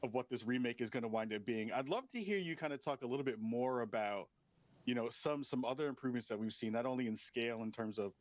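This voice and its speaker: A man's voice: medium pitch, fast talker. A man interviewing game developers, enthusiastic as he leads the conversation. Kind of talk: interview questions.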